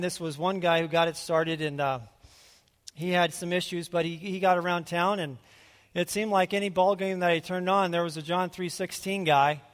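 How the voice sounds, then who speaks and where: Guy preaching, chatty and halting, kinda high voice, big echoey hall. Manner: conversational, halting with restarts. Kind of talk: sermon with personal testimony. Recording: hall reverb.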